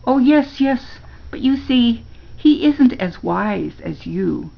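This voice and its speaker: An older woman reading a storybook aloud and voicing a smooth, manipulative male ruler who speaks in a slow, knowing, falsely kind way. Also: on the high side, lively intonation, dull audio, pitched above the performer's own voice, full character voice.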